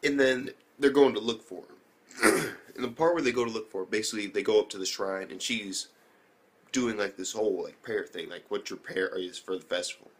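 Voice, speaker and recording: A man's voice: fairly low pitch, brisk. A young man casually recapping an anime episode, rambling with slang, swearing and many fillers. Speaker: anime reviewer.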